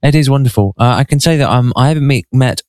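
A man's voice: medium pitch, fast, a little mellow, clean tone, no room sound, studio quality. A man chatting casually as co-host, thoughtful and hesitant with many fillers and restarts. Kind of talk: casual chat.

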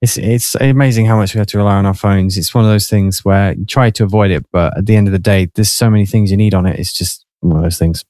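A lower-voiced man co-hosts a live studio chat in an easygoing, agreeable way. He hesitates with fillers as he talks. The sound is dry and close-miked. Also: steady tone, fast talker, hardly any pauses, a little mellow, no room sound. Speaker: co-host. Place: small studio.

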